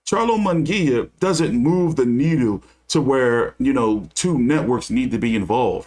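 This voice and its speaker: A man's voice: medium pitch, expressive, measured pace, few pauses, darkish tone. A man hosting a casual boxing livestream, reading news aloud and breaking into heated, profane rants. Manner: reads news aloud then rants with cursing. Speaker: boxing channel host.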